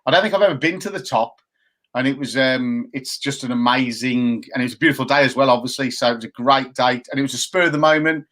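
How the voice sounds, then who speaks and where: A man's voice: mid-range voice, fast talker, fairly bright tone. A man in his fifties co-hosting a casual live chat show, chatty and jokey as he reads out viewer comments. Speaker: co-host.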